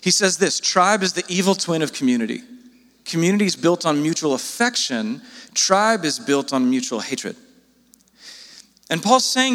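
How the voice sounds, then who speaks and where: A man preaching a sermon as pastor, earnest and pleading, his voice jumping up in pitch when he presses a point. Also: expressive, moderate pace, fairly bright tone, long reverb tail.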